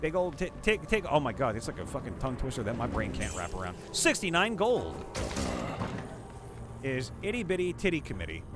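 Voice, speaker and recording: A man's voice: mid-range voice, very animated, fairly quick. A man streaming a game live, chatting casually and ranting with crude, profane jokes over game music. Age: adult, not young. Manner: crude, profane, joking rants. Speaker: streamer and voice actor playing a game.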